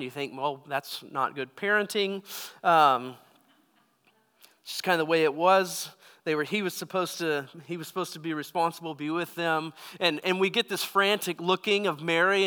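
A man's voice: high voice, pushed and bright, clear, resonant tone, in a large hall. A man preaching a sermon to a congregation, talking in a conversational way with asides to the listeners. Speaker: pastor.

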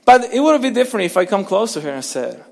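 A man preaching from the pulpit with a high, carrying voice, his words ringing out in a long hall reverb. He moves between forceful emphasis and soft, hushed lines, and he has the congregation repeat words back to him. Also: sing-song, fast, creaky. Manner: dynamic preaching, drops to soft near-whispers for emphasis. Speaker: pastor. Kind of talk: sermon.

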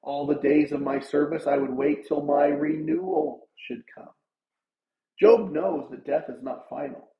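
A man's voice: a little high, steady tone, a little slow, creaky, muffled recording. Man preaching earnestly in an echoey room. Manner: earnest, conversational preaching with rising emphasis. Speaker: pastor. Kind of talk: sermon.

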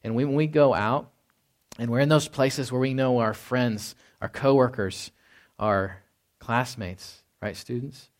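A man's voice: medium pitch, unhurried. A man preaching a conversational sermon, often tagging his points with "right?" and asking rhetorical questions. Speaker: pastor.

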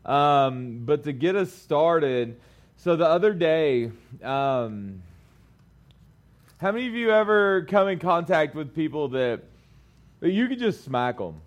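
A man's voice: fairly high pitch, very animated, slow pace. A young man giving a casual youth sermon to a small group, telling a story in a chatty way with lots of fillers.

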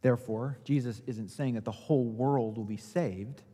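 A man preaching a sermon as pastor, asking rhetorical questions and swinging between loud emphasis and quiet, low asides. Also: moderate pace, slightly rough. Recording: long hall reverb.

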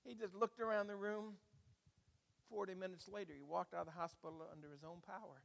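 A man's voice: high voice, steady tone, fairly quick, gravelly, a bit bright, in a large hall. A man preaching a sermon as pastor, telling a story and asking the congregation questions.

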